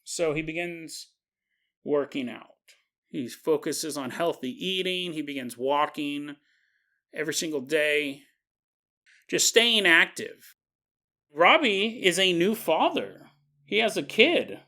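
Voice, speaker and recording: Male podcast host, casual storyteller, bright and a little high, fond of wry tangents. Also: sing-song, takes it slowly, long pauses. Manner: joking asides, chuckling tangents.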